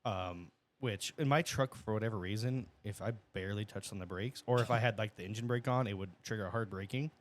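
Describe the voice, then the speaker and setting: A man's voice: fairly low pitch, a little fast, few pauses. A man on a casual podcast, telling stories in a laid-back, profane way.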